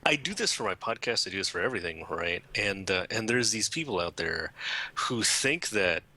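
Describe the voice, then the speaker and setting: A man's voice: fairly low pitch, expressive, pushed and bright, poor audio. A man from California, a guest on a talk show, chatting and joking with many restarts. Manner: joking, self-deprecating, halting with restarts. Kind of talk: casual chat by phone call-in.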